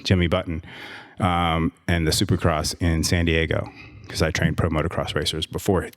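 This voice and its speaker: A man's voice: extremely low pitch, level tone, moderate pace. A man coaching and running a gym, telling a long story in casual interview talk, rambling and restarting, with sarcastic asides. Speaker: podcast guest, gym owner and coach.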